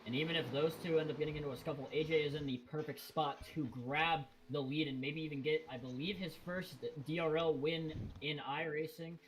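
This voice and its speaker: A man's voice: on the high side, fairly even intonation, a little fast, few pauses, a little hiss or hum, poor audio. A man commentating on a sim race in a casual, rambling way with fillers and self-corrections.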